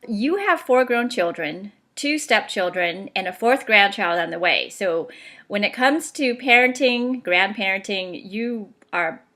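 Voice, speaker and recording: A woman hosts a talk show with a bright, clear voice. She affirms her guest and sets up her questions at length before asking them. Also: medium pitch, animated, a little slow. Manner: affirming, asks long framed questions. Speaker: radio show host. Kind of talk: interview hosting.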